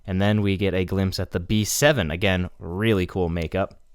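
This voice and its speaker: Low-voiced man recapping a plot casually. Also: steady tone, normal speed, clear, resonant tone, dry recording, studio quality. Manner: recapping plot, laid-back, swears casually. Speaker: podcast host. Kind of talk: casual chat.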